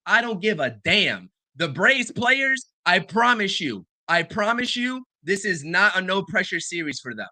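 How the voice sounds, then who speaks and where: Emphatic, bright-voiced male sports co-host. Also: high-pitched, very animated, a little slow, few pauses, no echo. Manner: emphatic, argumentative. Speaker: podcast co-host. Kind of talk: casual sports talk.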